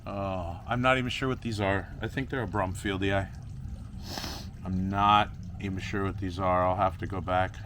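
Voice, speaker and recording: In a casual plant vlog, a young man repots plants and rambles goofily to himself and his viewers. His deep voice holds a steady tone at a moderate pace, fairly bright, with a little hiss or hum in the background.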